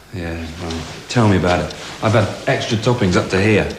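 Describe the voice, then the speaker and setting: A man's voice: deep voice, normal speed, background noise, natural voice. An actor playing a weary, flustered man who stammers. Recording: echoey room with music.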